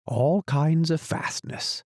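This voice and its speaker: A man reading an audiobook, voicing a solemn, muddled male knight who talks gravely and slowly about his inventions. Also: fairly high pitch, darkish tone, no echo, clean studio sound, voice pushed up. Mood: grave, musing. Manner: grave, slow, musing. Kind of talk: audiobook character voice.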